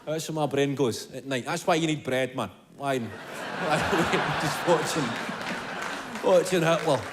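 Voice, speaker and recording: A man doing a swearing, animated stand-up routine, live on a theatre stage in a large hall with a laughing crowd. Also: a little high, measured pace, heavy background noise. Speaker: stand-up comedian.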